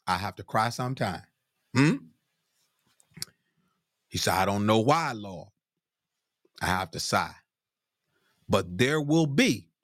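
Fervent low-voiced male preacher. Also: a bit bright, no echo, studio quality. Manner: fervent, repeats "glory be to God" and "hmm?", pitch climbs when stirred. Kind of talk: sermon.

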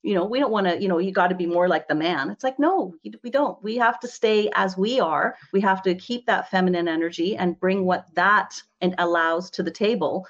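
A woman real estate investor talks as an interview guest in a casual, animated way. She leans on fillers like "you know" and tag questions. The recording sounds slightly dull and lo-fi. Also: mid-range voice, a little fast, few pauses. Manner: animated, laughs often, many "you know"s and "right?"s.

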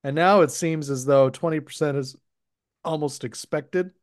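A man from the United States co-hosting a casual podcast, wry and quick with asides, laughing often. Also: fairly high pitch, no echo, clean studio sound. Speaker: podcast co-host who edits episodes.

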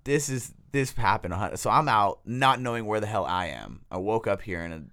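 A man's voice: on the low side, expressive, a little fast, fairly bright tone. A young man with a Bay Area accent, telling a personal story as a podcast guest in a laid-back, slangy way and laughing often. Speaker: guest, detox technician. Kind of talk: casual storytelling. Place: podcast studio.

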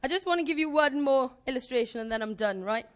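A woman giving an informal, energetic sermon to her church, joking and demonstrating as she talks. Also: sits high, fast. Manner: energetic, animated, jokey. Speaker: church speaker.

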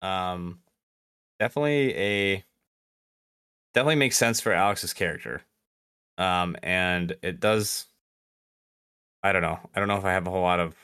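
A man's voice: low-pitched, sharp tone, clean tone, dry recording, studio quality. A man with a Midwestern American accent, co-hosting a casual book podcast and rambling through his thoughts with many restarts. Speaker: podcast co-host.

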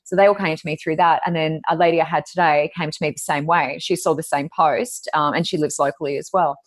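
An Australian woman, a psychic medium and podcast co-host, chatting casually and telling animated stories with high-pitched exclamations. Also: fast talker. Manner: animated storyteller, acts out quotes with high exclamations. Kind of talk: casual chat.

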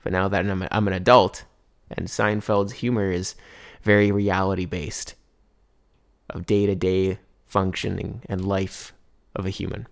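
A young man chats to his viewers in a loose, wandering way, piling on fillers as he tells his story. His voice sits a touch low and carries a gravelly fry. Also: level tone, unhurried. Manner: rambling, filler-heavy, keeps saying "anyways". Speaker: vlogger.

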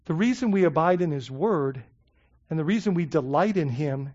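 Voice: mid-range voice, animated, moderate pace, darkish tone, lo-fi sound. A pastor preaching a sermon, emphatic, often repeating words and checking in with the congregation.

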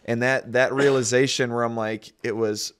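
A man's voice: mid-range voice, fairly even intonation, normal speed, a bit bright, smooth. A man in casual faith talk, telling a personal story in a rambling, self-interrupting way.

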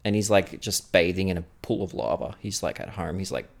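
Aussie podcast guy making up a story as he goes, lowish voice, rambly, laughs a lot. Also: lively intonation, fairly quick, vocal fry. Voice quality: rambling, trailing off, laughing often. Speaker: podcast co-host running an improvised story. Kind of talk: improvised comedic storytelling.

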